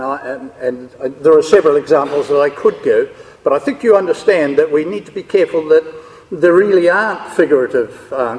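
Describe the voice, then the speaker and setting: A man's voice: medium pitch, a little mellow. A man teaching a Bible class, explaining ideas step by step and checking in with his listeners. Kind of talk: scripture lecture to a class. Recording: long hall reverb.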